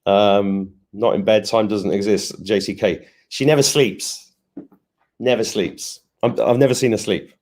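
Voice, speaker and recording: A man's voice: lowish voice, warm tone. A man hosting a casual live stream, greeting viewers by name and joking as he rambles. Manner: chatty, joking asides, rambling restarts.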